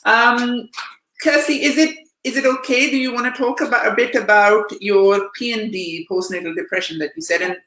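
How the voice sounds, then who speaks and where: A woman's voice: fairly high pitch, steady tone, moderate pace. A woman hosting a casual live interview, asking questions and reading out viewer comments. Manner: warm listener, reads viewer comments aloud. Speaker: host of a live online chat show. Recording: echoey room.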